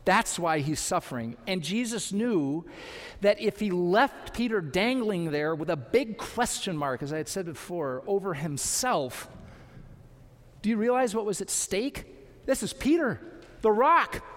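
A man's voice: high voice, very animated, unhurried. A man pastor giving an earnest sermon, pressing his point with rhetorical questions. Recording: long hall reverb.

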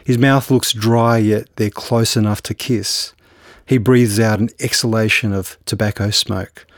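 A man with a somewhat low voice talks about his novel in an unhurried, halting way, full of fillers and false starts. The sound is dry and close, with no room around it. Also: steady tone, dry recording. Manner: hesitant, halting with restarts and fillers. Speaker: novelist guest. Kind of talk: conversational interview and book reading.

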